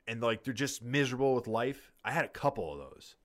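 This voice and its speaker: A man's voice: medium pitch, animated, a little fast, a bit bright. A man casually telling a rambling, profane story in a podcast chat.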